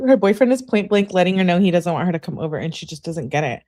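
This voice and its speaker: A woman's voice: on the low side, quick pace, few pauses, warm tone. A woman reading text messages on a live stream, talking to her chat with blunt, sarcastic asides.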